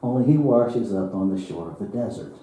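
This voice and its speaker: A male minister giving a sermon, telling a parable slowly and dramatically, with chuckles and hushed drops. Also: lowish voice, animated. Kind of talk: sermon storytelling. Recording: roomy church hall, from far off.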